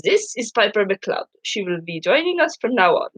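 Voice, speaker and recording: Woman reader playing a stern seventy-year-old professor with a German accent, slow and flat, in a dry close recording. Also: mid-range voice, no echo, rough recording. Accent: put-on German.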